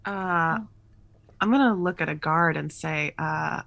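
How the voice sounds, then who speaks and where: Gravelly lower-voiced woman player. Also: a little slow, fairly bright tone. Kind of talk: tabletop game play, live stream.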